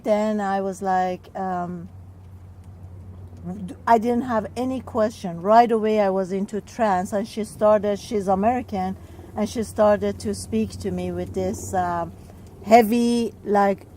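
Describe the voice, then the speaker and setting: Woman healer, expressive storyteller, mid-range voice. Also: mid-range voice, a little slow, rough recording. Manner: expressive, acts out quoted speech, frequent "like". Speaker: spiritual healer guest. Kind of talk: personal storytelling in an interview.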